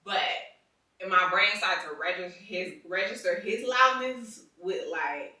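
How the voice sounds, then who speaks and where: A woman co-hosting a casual chat with her husband, talking animatedly in slang and getting louder as she gets into a topic. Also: medium pitch, unhurried, heavy reverb, recorded from a distance, poor audio. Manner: animated, slangy, gets loud when passionate. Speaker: podcast co-host.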